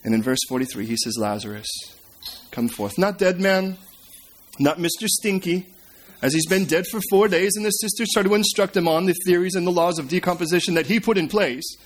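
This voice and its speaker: High-voiced man preaching a sermon. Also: a little fast. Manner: storytelling with swings between emphatic and hushed delivery. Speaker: pastor.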